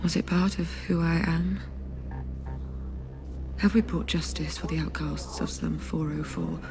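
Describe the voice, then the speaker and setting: A woman's voice: low-pitched, fairly even intonation, a little slow, background noise. An actress playing a young woman memory hunter, narrating in an introspective, soul-searching way. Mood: brooding. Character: Nilin, young woman memory hunter, brooding and guilt-ridden. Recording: game audio over music.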